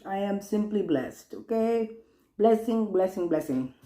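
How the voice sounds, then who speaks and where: Excitable woman, echoey room. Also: medium pitch, unhurried. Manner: chatty, playful, excitable. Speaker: mukbang vlogger. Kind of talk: casual eating-show chat.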